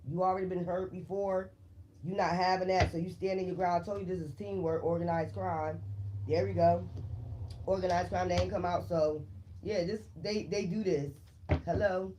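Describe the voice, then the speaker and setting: A man with a high but mellow voice delivers a tarot reading to his viewers. He talks fast and casually, with plenty of profanity and laughter. A faint hiss of background noise sits under his voice. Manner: profane, emphatic, laughs between lines. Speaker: tarot reader.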